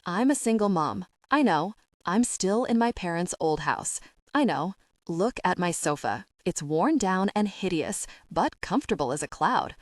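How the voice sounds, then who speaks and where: A woman's voice: fairly low pitch, lively intonation, a little slow, no echo, studio quality. A woman reading the part of an overwhelmed young single mother who rambles and frets through tears. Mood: insistent. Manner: rambling, tearful, upset.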